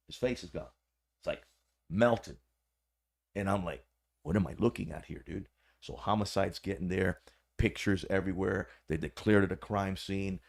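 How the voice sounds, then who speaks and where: A man's voice: sits low, gravelly. A man, a former corrections officer, telling a story as a podcast guest in a casual, profane, slangy way.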